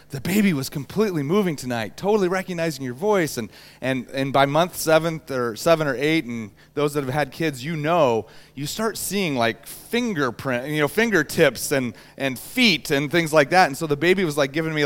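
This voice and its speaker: Animated storytelling preacher, smooth voice. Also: male voice, on the high side. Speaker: pastor. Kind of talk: sermon with personal story.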